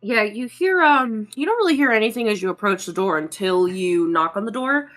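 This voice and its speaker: A woman's voice: mid-range voice, lively intonation, brisk, a bit bright, faint music behind. A woman narrating as game master of a tabletop game, chatty and full of "um"s. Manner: chatty, many "um"s and "like"s.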